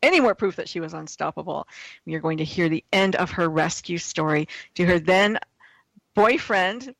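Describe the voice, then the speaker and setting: Woman host, lowish voice, dry close recording, engaged interviewer who prompts with questions. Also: animated, normal speed, creaky, no echo, low-quality recording. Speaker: podcast host. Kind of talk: casual interview.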